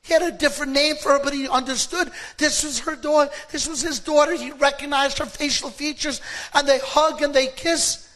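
A man's voice: very high-pitched, fairly even intonation, fairly quick, a bit bright. A man, a rabbi, delivering a sermon with dramatic, emphatic storytelling.

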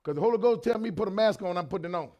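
Speaking very fast with a voice that sits high, a pastor in his fifties delivers a sermon full of repetition, alternating between shouting and softer talk. The recording is muffled.

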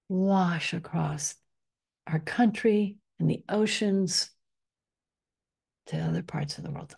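A woman, a spiritual teacher, leading a guided meditation in a soft, unhurried voice that often drops to a whisper on affirmations. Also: on the low side, vocal fry, breathy edge.

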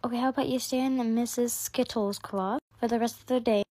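A woman voicing a calm female principal who speaks quietly and reassuringly. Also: on the high side, a little fast, no echo, lightly acted.

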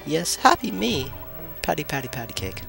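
A man voicing a lonely young girl in a game, pleading in a high falsetto. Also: sing-song, normal speed, gravelly, music in the background, heavily acted.

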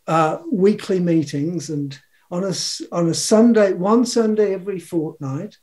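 Slow, mellow New man in his seventies. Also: sits high. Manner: rambling, chuckling, acts out quotes. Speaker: trance channel telling his story. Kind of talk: casual storytelling.

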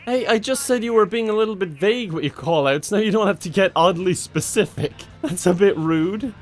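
A man's voice: high-pitched, a little fast, soft background music. A young Irish man giving comedic, sarcastic commentary while playing a video game, laughing at what he sees. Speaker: gaming YouTuber.

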